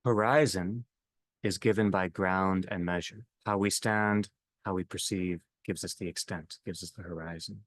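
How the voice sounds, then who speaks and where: A man leading a reflective theological discussion, speaking slowly in halting phrases that trail off softly at their ends. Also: sits low, steady tone, no echo. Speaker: discussion leader.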